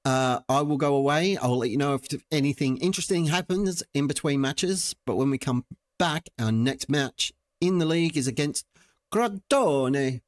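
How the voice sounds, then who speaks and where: A man's voice: medium pitch, normal speed. A young man giving playful, joking let's-play commentary as a gaming channel host. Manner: playful, jokey, talks to the screen.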